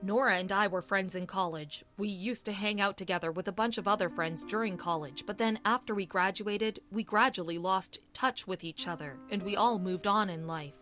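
A woman's voice: medium pitch, moderate pace, few pauses, a bit bright, faint music behind, natural voice. A woman voicing a young husband in an audiobook, explaining himself in a worried, pleading way. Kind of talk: audiobook character voice.

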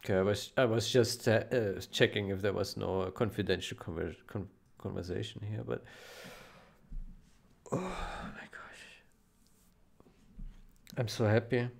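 A man who talks to his channel in a halting, casual way, repeating himself as he speaks about his work on a game. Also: on the low side, creaky. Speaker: game modding developer. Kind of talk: casual emotional vlog recording.

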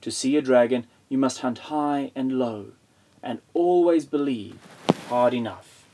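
A man voicing a blustery, hard-of-hearing old grandfather in a children's storybook, making loud, booming declarations. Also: a little slow, background noise, lightly acted.

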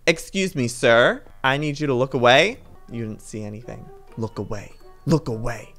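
A man's voice: medium pitch, normal speed, fairly bright tone, faint music behind. A man hosting a playful let's-play video, talking theatrically with frequent gasps and sneaky stage whispers. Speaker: gaming video host.

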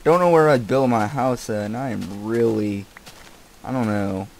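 An easily distracted young man talking his way through a game, jumping from one thing to the next. He breaks into loud outbursts and swearing at the characters on screen. Faint noise and clicking sit under his voice. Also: medium pitch, normal speed, creaky. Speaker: gameplay commentator. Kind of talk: casual game commentary.

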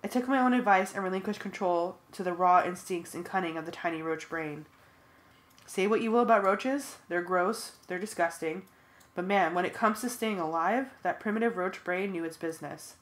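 A woman's voice: fairly low pitch, moderate pace. Woman reading a fan audiobook. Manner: plain first-person storytelling. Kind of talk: audiobook narration.

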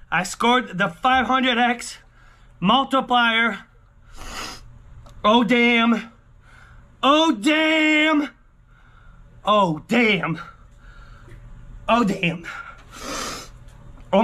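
High-voiced, bright, excitable man. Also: drawn-out words, pauses often. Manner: exclamatory, keeps repeating himself and calling out to viewers; swings between hushed murmuring and yelling. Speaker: lottery scratch-off vlogger. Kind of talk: excited casual vlog commentary.

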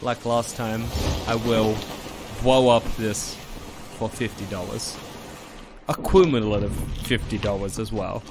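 A man's voice: lowish voice, measured pace. A man streaming a game, chatting playfully in a put-on cutesy uwu voice that turns his r sounds into w. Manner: playful, silly asides. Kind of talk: casual live-stream chat while gaming. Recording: steady background noise under the voice.

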